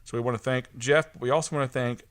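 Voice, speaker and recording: A man's voice: medium pitch, fairly even intonation, quick pace, fairly bright tone, clear, resonant tone. A man co-hosting a casual podcast, talking in a laid-back, jokey way. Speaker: podcast co-host. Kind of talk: casual chat.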